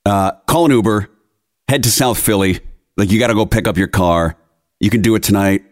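A man's voice: lowish voice, brisk. A young man hosting a podcast, telling an exasperated, ranting story in casual chat. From Philadelphia area. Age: young adult. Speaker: podcast host.

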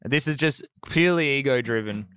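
A man's voice: medium pitch, a little fast, a bit bright, smooth, no room sound, studio quality. A man in a casual interview, telling band stories in a laid-back, self-mocking way. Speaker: band member, guest. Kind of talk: casual storytelling.

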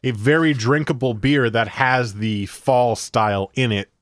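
A man's voice: mid-range voice, a little slow, dry recording, studio quality. A man co-hosting a casual beer tasting chat, talking at length through tasting notes. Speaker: co-host presenting a beer of the week.

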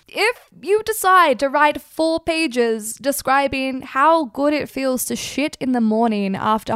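A woman's voice: high voice, clean tone, no echo, clean studio sound. A woman hosting irreverent literary commentary, speaking crudely and laughing often as she talks. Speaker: host.

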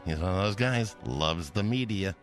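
A man's voice: low-pitched, animated, moderate pace, soft background music. A middle-aged man hosting a radio call-in show, joking and cutting in with quips. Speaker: radio host.

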